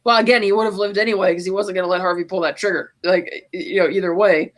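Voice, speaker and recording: A podcast co-host speaks fast at medium pitch, casually recapping a movie scene by scene. The retelling is animated, quoting the film's lines in passing and laughing often.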